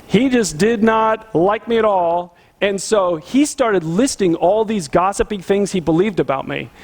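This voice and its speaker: A middle-aged man, a pastor, preaching a sermon and telling a personal story in an animated, earnest way. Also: high voice, unhurried.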